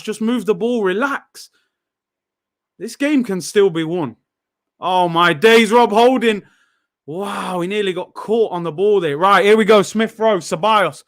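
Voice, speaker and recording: A young man hosting a live football watchalong, frustrated and animated, breaking into sudden shouts. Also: sits high. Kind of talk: live match reaction.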